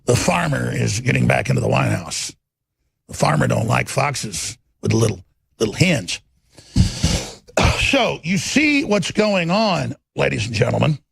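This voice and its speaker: A man hosting a political talk show, combative and rambling in his monologue, with a gravelly, husky voice. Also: mid-range voice, sing-song, unhurried, a bit bright, no echo.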